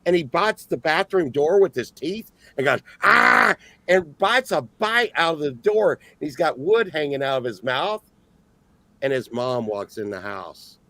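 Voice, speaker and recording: A middle-aged man telling a story on a podcast, rambling and halting, with frequent laughs. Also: fairly high pitch, animated, a bit bright, dry recording. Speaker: podcast co-host. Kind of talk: casual storytelling chat.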